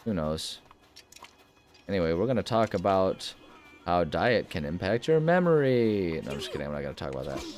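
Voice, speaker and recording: A young man giving casual, rambling commentary over a video game he is playing, joking and talking to himself. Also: low-pitched. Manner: rambling, jokey, self-mocking asides. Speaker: gaming video host. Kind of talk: casual let's-play commentary.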